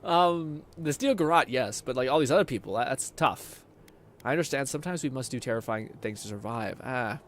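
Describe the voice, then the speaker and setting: Animated young man streaming a game. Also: medium pitch, fairly quick, slight background noise. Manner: excitable, swears, laughs, reads chat aloud. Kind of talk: casual game commentary.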